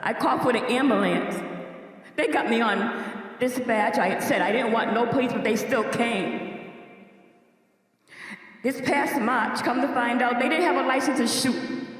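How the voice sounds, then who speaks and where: A grieving older woman testifies in a slow, heavy, insistent voice, circling back over the same words. Her fairly high voice comes from a distance and rings through a large, echoing hall. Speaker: bereaved mother speaking at a community meeting. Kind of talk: emotional public testimony. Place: public meeting hall. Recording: echoey hall, voice from far off.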